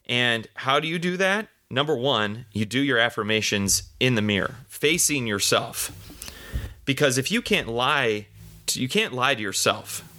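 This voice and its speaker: Male podcast host, mid-30s, bright forward tone, earnest conversational self-help delivery. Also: mid-range voice, lively intonation, unhurried. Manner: earnest, conversational, repeats himself. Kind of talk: casual self-help monologue.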